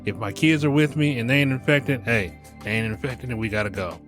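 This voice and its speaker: Faint music sits behind a middle-aged podcast host whose medium-pitched voice moves a little quickly. He riffs in a casual comic monologue, animated and profane, frequently laughing and addressing his audience as y'all.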